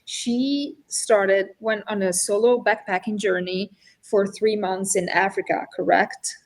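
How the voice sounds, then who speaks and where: A woman hosting a podcast interview over a video call, asking questions with many fillers. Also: mid-range voice. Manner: unhurried with fillers. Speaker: podcast host.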